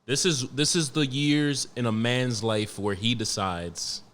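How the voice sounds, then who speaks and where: A man in his late twenties hosting a podcast alone, talking in a profane, rambling, animated way. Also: medium pitch, measured pace. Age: 20s. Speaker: podcast host. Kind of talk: casual solo podcast rant.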